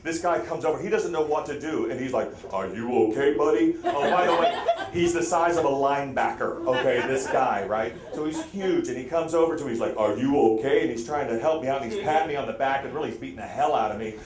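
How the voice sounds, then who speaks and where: A man telling a funny story live to an audience, self-mocking and animated, his voice jumping high when he gets excited. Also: fast, hardly any pauses. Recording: roomy hall with faint ambience.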